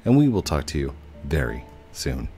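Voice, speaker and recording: A man's voice: big pitch swings, moderate pace, warm tone. A young man giving chatty, playful gameplay commentary as a YouTuber, laughing often. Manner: playful, chatty, laughs often, squeaky put-on voices when quoting. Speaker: gaming YouTuber. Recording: faint game music behind.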